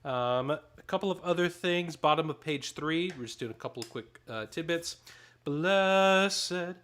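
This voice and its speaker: A man's voice: a little high, fairly quick, fairly bright tone. A man leading a choir rehearsal, giving directions between short sung demonstrations. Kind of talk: rehearsal instruction.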